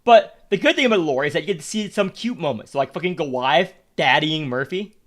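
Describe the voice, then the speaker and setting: High-voiced man ranting while streaming. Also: animated, brisk. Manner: blunt, profane, repetitive ranting. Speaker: game streamer. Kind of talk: casual stream commentary.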